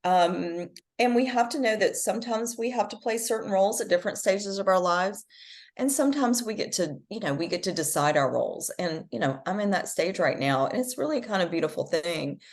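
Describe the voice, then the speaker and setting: A woman's voice: lively intonation, brisk. A middle-aged woman talking earnestly as a podcast guest, emphatic and encouraging. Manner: emphatic, earnest, speaks in sweeping swings of pitch. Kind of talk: motivational conversation.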